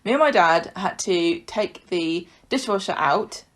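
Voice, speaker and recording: A woman's voice: fairly low pitch, animated, unhurried. A woman co-hosting a podcast in casual chat. She tells stories in a chatty way and laughs often. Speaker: podcast co-host.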